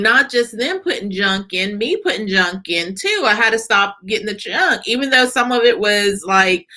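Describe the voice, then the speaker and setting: A woman telling a personal story in casual chat, halting and restarting, chuckling at herself. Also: mid-range voice, bright, forceful tone.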